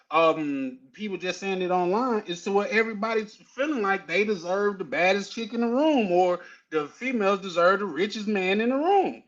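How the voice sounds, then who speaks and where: A man's voice: sits high, fairly bright tone. A man talking casually as a guest, joking in loose slang. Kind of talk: casual discussion. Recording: dull lo-fi sound.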